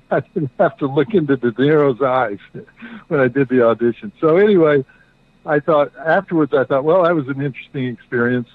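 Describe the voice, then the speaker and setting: A middle-aged man telling a story as a guest, halting, with many fillers and restarts. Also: medium pitch, no room sound. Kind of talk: casual storytelling. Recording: dry tinny phone-like line.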